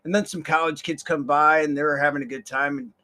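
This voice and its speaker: A young man rambles through a storytelling monologue on his podcast. His voice sits somewhat high, and his speech is casual and full of swearing. He restarts and repeats words as he works his thoughts out. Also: steady tone, a little fast, sharp tone. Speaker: podcast host.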